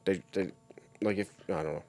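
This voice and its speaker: A man's voice: low voice, steady tone, brisk, a little mellow, no echo, soft background music. A young man co-hosting a casual podcast, grumbling in exasperation and swearing often. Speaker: podcast co-host. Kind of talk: casual chat.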